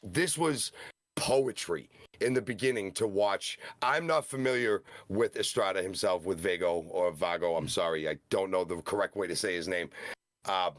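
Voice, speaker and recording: Podcast co-host, man, lowish voice, dry close sound, eager play-by-play recap style. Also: no echo. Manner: excited, rapid-fire match recap. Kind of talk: casual wrestling review chat.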